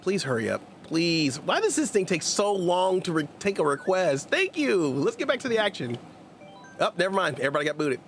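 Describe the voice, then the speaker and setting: A man's voice: sits high, a little fast, faint music behind. A man hosting a gaming livestream, chatting casually, laughing often and munching into his mic. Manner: animated, laughs often, talks while munching. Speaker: streamer host. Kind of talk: casual livestream gameplay chat. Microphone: streaming mic.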